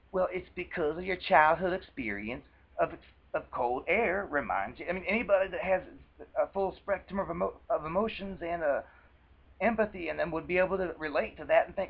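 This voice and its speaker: Man, country twang, fairly high pitch, dull lo-fi sound, rambling, earnest. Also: brisk. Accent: American country twang. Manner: rambling, earnest, with many restarts. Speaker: vlogger. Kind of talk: casual advice monologue.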